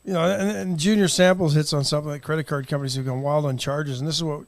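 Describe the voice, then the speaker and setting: A man's voice: on the high side, steady tone, dry recording. A Texan man co-hosting a morning talk show in a studio, chatting in an opinionated, conversational way. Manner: opinionated, conversational, quick to laugh. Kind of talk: casual morning talk radio chat.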